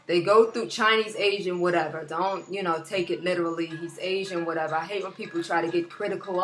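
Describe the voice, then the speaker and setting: A woman vlogging a casual opinion rant into a laptop, animated and rambling with many restarts. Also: on the low side, brisk, a little hiss or hum. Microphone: laptop built-in mic.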